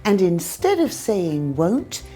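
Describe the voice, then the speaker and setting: Lively British woman teaching pronunciation. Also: medium pitch, faint music behind. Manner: slow, careful demonstrations of pronunciation. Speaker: English teacher. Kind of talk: scripted language lesson.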